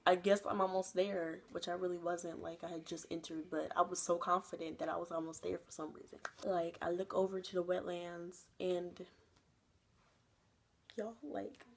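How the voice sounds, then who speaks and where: A woman's voice: level tone, normal speed, gravelly. Chatty young woman, "like"-heavy storytelling. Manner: chatty, fills with "like" constantly, laughs often; acts out quoted people with jumps in pitch. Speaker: vlogger. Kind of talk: casual storytime.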